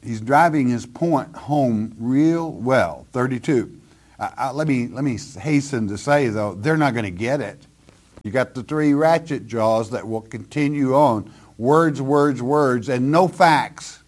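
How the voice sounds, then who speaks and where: An older man teaching a sermon verse by verse, reading scripture and then explaining it in plain, deliberate words. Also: medium pitch, a little mellow. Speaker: preacher.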